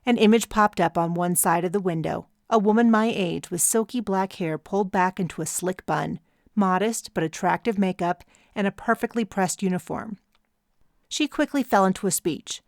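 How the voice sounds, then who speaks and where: Woman audiobook narrator, low-pitched and gravelly, measured first-person read, close dry mic. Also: steady tone, no room sound.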